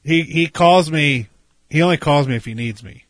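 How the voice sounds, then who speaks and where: A man's voice: a little high, normal speed, dry recording. A man in casual, crude podcast chat, telling rambling stories and mimicking his father. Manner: profane storyteller, mimics his dad.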